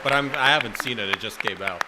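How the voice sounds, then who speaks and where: A man's voice: lowish voice, fast. A man hosting a livestream, making offhand quips while a panel plays. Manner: offhand quips over playback. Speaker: livestream host. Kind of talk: commenting over a livewatch. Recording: stream audio with loud crowd and noise.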